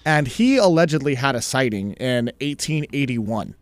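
A man's voice: mid-range voice, expressive, moderate pace, dry recording. A man co-hosting a podcast, telling a story in a chatty, casual way and laughing easily. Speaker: podcast co-host.

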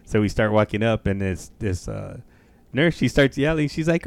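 A man co-hosting a casual podcast, telling profane, animated stories and acting out the voices of the people in them. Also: on the low side, normal speed, no room sound. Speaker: podcast co-host. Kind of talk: casual storytelling chat.

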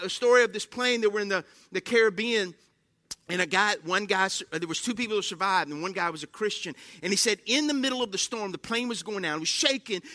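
High, bright-voiced preacher man. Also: dry recording. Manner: animated storytelling with acted-out exclamations; asks the congregation frequent questions. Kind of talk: sermon.

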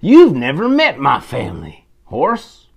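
A man voicing a proud, grateful male farm rooster in a children's story, talking high and excited. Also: slow pace, vocal fry, slightly rough, exaggerated voice.

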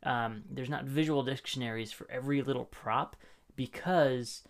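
Gravelly-voiced man co-hosting a podcast. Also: mid-range voice, moderate pace. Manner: jokey, enthusiastic, laughs easily. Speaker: podcast co-host. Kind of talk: casual fan podcast chat.

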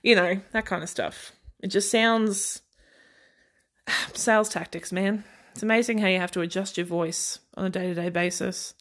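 A woman's voice: mid-range voice, fairly even intonation, moderate pace, a bit bright. Chatty Australian woman podcaster. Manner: chatty, sarcastic, laughs often. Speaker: podcast host. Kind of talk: casual solo chat.

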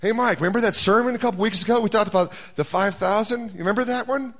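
A higher, brighter take on God, as a preaching man puts him on, patiently teasing his pastor with question after question. He sounds quick and lifted, like a gentle needle during a sermon story. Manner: gently prodding, rhetorical questions.

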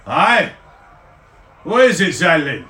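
A man's voice: on the high side, very animated, takes it slowly, pushed and bright, voice pushed up, full character voice. Man doing a hearty, eager soldier. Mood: cheerful. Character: cheerful male soldier at a canteen. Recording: roomy, distant mic.

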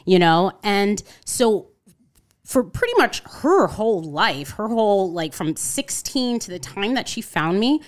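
A woman's voice: medium pitch, measured pace. A woman in her thirties from Connecticut, a podcast guest telling her story in a casual interview, acting out what people said and often adding "you know" and "like". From Connecticut, USA. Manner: animated storyteller, acts out quotes, frequent "you know" and "like".

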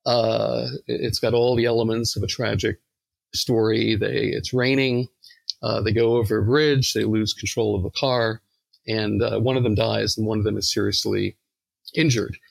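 A middle-aged man from Long Island, New York, guesting on a podcast. He tells his stories in an easygoing way, full of fillers, and his mid-pitched voice has a gravelly crackle. The sound is dry and close. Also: moderate pace, dry recording. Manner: relaxed storytelling with many fillers. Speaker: psychology professor guest. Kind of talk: podcast interview.

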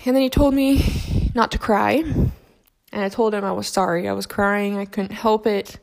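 A young adult woman telling a personal story about grief in a soft, reflective, halting way. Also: medium pitch, steady tone, gravelly.

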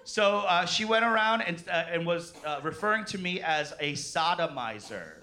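A man in his thirties doing a stand-up comedy set on a club stage, animated and crude, often laughing mid-sentence. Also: high-pitched, normal speed, crowd noise. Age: 30s. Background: laughing audience.

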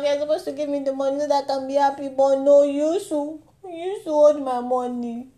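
A young woman with a Nigerian accent riffs through a comic monologue, mock-indignant and lively. Her voice sits a little high, and she slips pidgin and Yoruba phrases into her talk. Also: fast talker, few pauses.

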